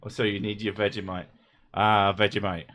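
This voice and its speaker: A man's voice: on the low side, flat delivery, fairly bright tone. Joking, sweary man on a livestream. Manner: joking, swears freely, quick asides. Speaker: streamer host. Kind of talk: casual comedic livestream chat.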